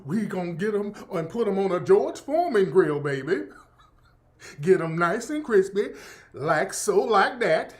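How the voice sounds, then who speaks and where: A man voicing a sweet, folksy woman home cook who talks in a slow, sing-song drawl. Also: high-pitched, sing-song. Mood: syrupy.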